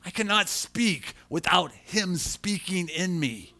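Male pastor, sermon delivery, bright tone, a bit high, animated and chatty with the congregation. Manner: animated preaching, rising loud for emphasis, slowing to stress key lines; conversational asides to the congregation.

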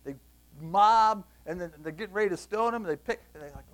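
Pastor type, man, bright high voice, animated sermon delivery with playful asides. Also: fairly quick. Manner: animated, conversational, acts out scenes; reads scripture aloud.

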